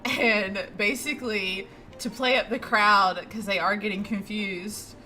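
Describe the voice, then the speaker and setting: A woman's voice: mid-range voice, fairly even intonation, measured pace, pushed and bright, faint music behind. A woman playing in a tabletop game, describing her character's actions in detail. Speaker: player.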